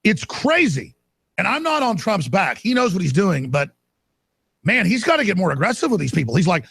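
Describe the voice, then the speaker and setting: A male talk radio host tears into a heated monologue and lets it climb into shouts. His voice sits high and gravelly with a husky edge. The sound is close and dry, with no room around it. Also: sing-song, brisk, dry recording. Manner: ranting, fiery, shouts at peaks.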